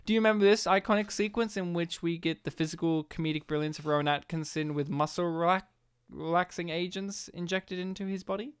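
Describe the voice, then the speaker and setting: Playful man with a smooth voice. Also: sits high. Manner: playful, acts out characters in quick bits. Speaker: podcast co-host. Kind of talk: casual film chat.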